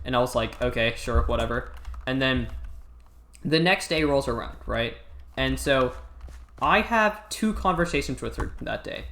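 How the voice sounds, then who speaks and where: A teenage boy, a student gamer, tells a story over gameplay in an exasperated, sarcastic rant. His medium-pitched voice is a bit bright with vocal fry, lively intonation, and a measured pace. The room is echoey, with faint music and slight background noise.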